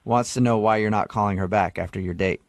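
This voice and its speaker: A man's voice: lowish voice, steady tone, quick pace, no echo, studio quality. A man hosting a morning radio show, bantering and teasing with an upbeat delivery. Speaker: radio host. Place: radio studio.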